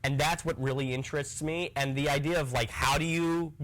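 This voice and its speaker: A man's voice: a little high, fairly even intonation, a little fast, a bit bright, rough recording. A young man as an interview guest, chatting casually in a rambling way and laughing often. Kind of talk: casual chat.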